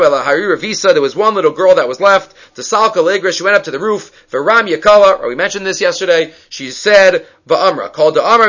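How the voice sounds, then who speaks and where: A man with a high, bright voice leads a Talmud lesson. He tells the story with animation and acts out the rabbis' lines as he goes. The recording is dull and lo-fi. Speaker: Talmud teacher.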